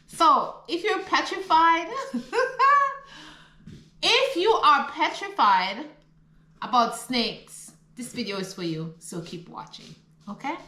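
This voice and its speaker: A woman's voice: high voice, sharp tone, roomy sound, low-quality recording. A middle-aged woman from the Caribbean with a Caribbean accent, chatting animatedly in a casual vlog and laughing often. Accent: Caribbean English. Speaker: vlogger. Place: rural home in the countryside.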